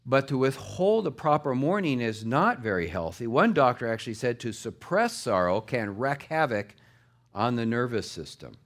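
Speaking at medium pitch and normal speed, a middle-aged male pastor preaches to his congregation in a conversational style. His delivery is very animated, with emphasis that rises and falls.

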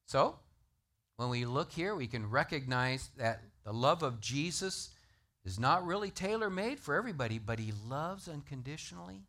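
A man delivers a sermon in a fairly high voice that rises and falls with animated emphasis. His tone is bright and forceful as he cites chapter and verse. He preaches with the steady energy of a pastor working through his points. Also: moderate pace.

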